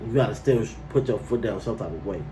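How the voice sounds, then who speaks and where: A man's voice: fairly low pitch, fast, far from the mic, background noise. Slangy man telling a storytime. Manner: animated, slangy, incredulous outbursts. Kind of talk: casual storytime monologue.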